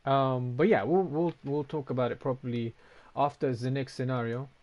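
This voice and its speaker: Over lo-fi sound, a man streaming a game talks with his viewers in a mid-range, darkish voice with fairly even intonation at normal speed. He reads out and answers comments casually, swearing often.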